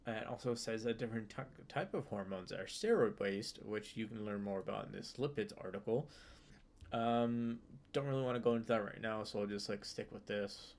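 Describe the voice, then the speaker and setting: A young man with a low voice works through his study notes aloud, reading a passage and then talking it over. He talks in a loose, casual way, full of ums and restarts. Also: fairly quick, a little mellow. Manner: reads text aloud then explains loosely with fillers and restarts. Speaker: student streamer.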